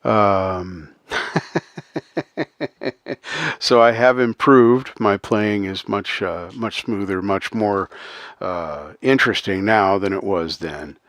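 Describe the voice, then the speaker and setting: A man hosts a casual livestream, speaking earnestly to his chat, reading out names and chuckling often amid many ums and uhs. His voice is fairly low yet fairly bright in tone, slow with frequent pauses, and there's no room sound.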